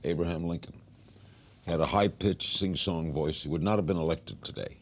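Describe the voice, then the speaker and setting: A man's voice: low voice, a little fast, slight background noise. A man hosting a talk show interview, blunt and terse in his questions and remarks.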